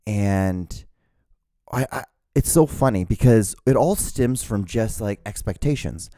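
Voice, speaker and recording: A man's voice: fairly low pitch, expressive, unhurried, mellow, dry recording, studio quality. A man hosting his own solo podcast, rambling and swearing, with many restarts. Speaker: podcast host.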